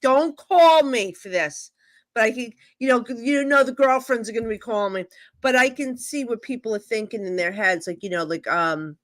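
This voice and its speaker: With a slightly high voice at a moderate pace, a female psychic medium tells stories on a live stream video call. Her style is casual, blunt and animated as she acts out both people in each exchange, with no room sound.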